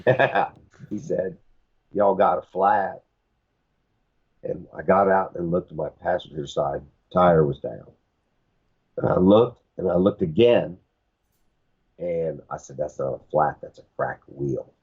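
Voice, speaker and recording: A man's voice: low voice, measured pace, slightly rough, muffled recording. A man on a podcast telling a long rambling anecdote, acting out the other people's lines. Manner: rambling anecdotes with quoted dialogue. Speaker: podcast guest. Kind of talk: casual storytelling.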